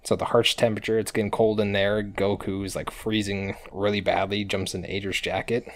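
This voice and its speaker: A man's voice: on the low side, level tone, moderate pace. A man co-hosting a podcast, telling the plot in a rambling, profane, casual way. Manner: rambling, profane play-by-play retelling. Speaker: podcast co-host recapping episodes. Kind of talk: casual chat.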